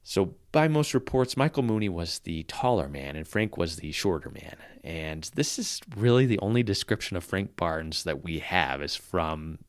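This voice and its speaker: Male podcast host, low-pitched, relishes old newspaper quotes; dry recording. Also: dry recording. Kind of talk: casual storytelling about history.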